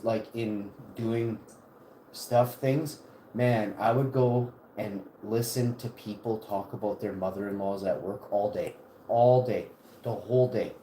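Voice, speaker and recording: A man talks loosely through a livestream while cooking in his kitchen, wandering from topic to topic with jokes and restarts. His voice is mellow and soft-edged, and the room gives it a roomy echo over a faint hum of noise. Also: lowish voice. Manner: joking, meandering, self-interrupting. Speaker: livestream host. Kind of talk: casual rambling livestream chat. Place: home kitchen, indoors.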